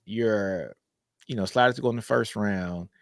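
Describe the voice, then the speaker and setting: Animated man in football chat. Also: on the low side, a little slow, vocal fry, no room sound, clean studio sound. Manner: animated, repeats "you know what I'm saying". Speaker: co-host. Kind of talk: casual sports talk.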